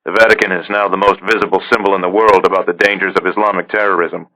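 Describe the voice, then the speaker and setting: A male narrator voicing a weary middle-aged spy chief who speaks in a measured, dry manner. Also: sits low, flat delivery, bright, forceful tone, rough recording.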